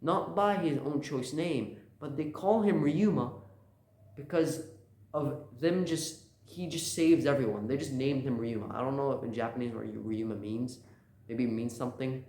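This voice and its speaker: A man's voice: medium pitch, normal speed, a little mellow. A man casually recapping a comic chapter, loose and rambling with lots of filler words. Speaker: channel host. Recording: roomy echo.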